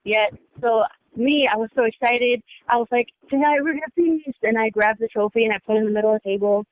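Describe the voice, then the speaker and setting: A woman's voice: on the high side, level tone, fast talker. A woman guesting on a podcast in casual chat, rambling through stories and acting out quotes. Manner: rambling storyteller, acts out quotes. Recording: dry, tinny phone-like sound.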